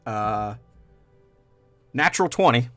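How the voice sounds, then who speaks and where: A man's voice: medium pitch, lively intonation, slow pace, fairly bright tone, no echo, soft background music. A man running a tabletop game as game master, narrating loosely with lots of casual fillers and the odd swear.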